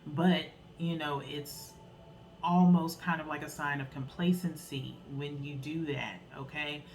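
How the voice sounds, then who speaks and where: A woman's voice: low-pitched, steady tone, unhurried, a little mellow, slight background noise, rough recording. A woman giving a casual, earnest tarot reading, encouraging her listeners and ending phrases with a questioning "okay?". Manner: loose, rambling delivery with restarts. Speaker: tarot reader.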